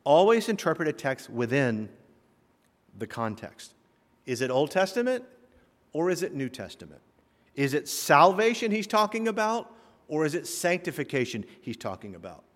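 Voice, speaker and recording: Southern-raised pastor preaching, voice jumping all over, rhetorical questions, long hall echo. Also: male voice, a little high. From American South. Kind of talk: sermon.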